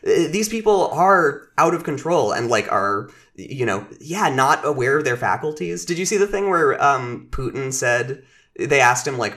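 A man co-hosting a political podcast, talking casually in a halting way full of fillers and restarts. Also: mid-range voice, lively intonation, a bit bright. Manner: halting, filler-heavy, lots of "like". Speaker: podcast co-host.

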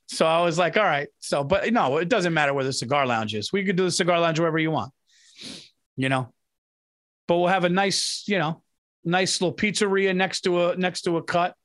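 A man co-hosting a podcast, chatting casually in an excitable, rambling and profane way. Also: fairly high pitch, fairly quick. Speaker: podcast co-host. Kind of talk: casual chat.

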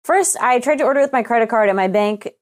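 A woman's voice: a little high, fast. A young woman co-hosting a podcast, telling a story as a casual rant, swearing freely and acting out both sides of her email exchanges. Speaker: podcast co-host.

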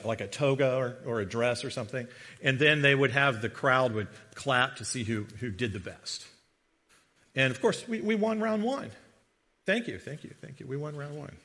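A middle-aged man, a guest preacher, giving a sermon with a humorous personal story, animated and joking as he tells it. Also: mid-range voice. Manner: animated storyteller, jokey asides. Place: church sanctuary. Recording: long reverb of a large hall.

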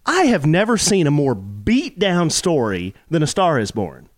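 A man's voice: on the high side, huge pitch swings, measured pace, no room sound, clean studio sound. A man co-hosting a podcast with his wife, casually giving fired-up, passionate opinions. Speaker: podcast co-host. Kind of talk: casual chat.

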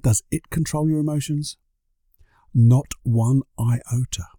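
A man hosts a solo podcast in a warm, steady, mid-range voice, taking his time, with a dry, studio-quality recording. He speaks conversationally, asks listeners rhetorical questions, and briefly acts out other people's excuses.

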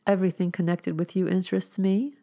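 A woman reading the lines of a polite, gentle, mysterious male stranger in a storybook, speaking softly and courteously. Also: on the high side, moderate pace, gravelly. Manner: soft and courteous.

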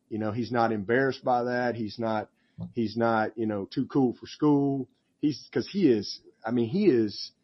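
A man's voice: medium pitch, muffled recording. A man, a head football coach, answering press conference questions with enthusiasm, rambling and restarting his sentences.

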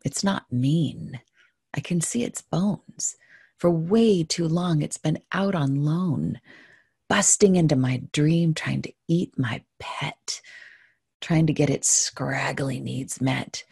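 A woman reading her own rhyming story aloud in a gentle, playful, musing way. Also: deep voice, slow, creaky, breathy edge, no echo, studio quality.

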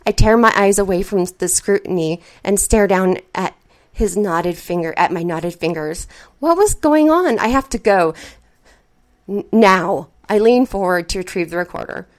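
A woman reading a first-person story aloud, with expressive, flustered narration. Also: fairly low pitch, normal speed.

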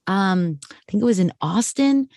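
Young adult woman, film director, animated, swears freely, mid pitch, dry. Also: normal speed, no room sound. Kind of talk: casual interview storytelling.

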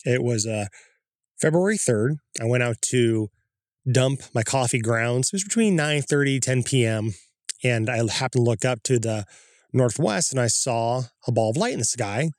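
A man tells a first-hand story in a casual, animated way, his voice jumping higher whenever he acts out what he said at the time. He sits at an average pitch for a man, and the sound is dry and close, recorded outdoors. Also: normal speed, no echo. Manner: animated, acts out his own quoted reactions with rising pitch. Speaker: guest telling his own UFO sightings. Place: outdoors in the woods.

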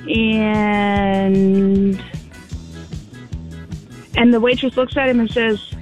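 A woman calling in to a radio show, telling a joke in a halting, hesitant way. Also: on the high side, flat delivery, a little mellow, muffled recording, soft background music. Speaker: caller.

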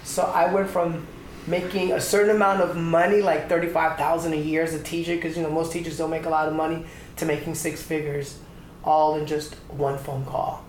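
A middle-aged man from Atlanta, Georgia recounts his career as a dancer and choreographer in a relaxed interview. He tells it with animation and acts out the people he quotes. The room is echoey, with a faint hiss behind him. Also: fairly high pitch, a little fast. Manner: animated storyteller who acts out quoted voices. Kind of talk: conversational interview storytelling.

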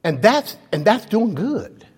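Slow, animated man preaching in a reverberant hall. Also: breathy edge. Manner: animated storytelling, swings from loud highs to hushed lows. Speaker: pastor. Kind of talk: sermon.

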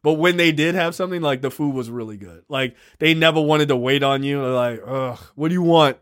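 A man's voice: on the high side, a little fast, fairly bright tone, clean tone, no echo, clean studio sound. A man co-hosting a podcast in casual chat, talking in a laid-back, rambling way with lots of swearing and fillers. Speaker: podcast co-host.

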